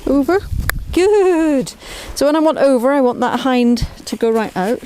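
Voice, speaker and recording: A woman explains her training as she works an animal outdoors. Her voice sits fairly high but has a soft, mellow tone. She keeps up a stream of coaxing, upbeat praise over a faint background hiss. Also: a little fast. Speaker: horse trainer. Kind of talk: explaining training while working. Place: outdoors by a trailer.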